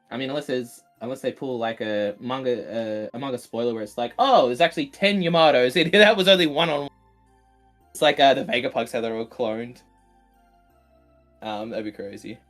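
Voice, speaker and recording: A man's voice: medium pitch, a bit bright. A tired man co-commentating a card game stream, joking silly and laughing constantly. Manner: giggly, silly, keeps laughing at his own jokes. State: tired after a long day. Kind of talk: casual stream banter.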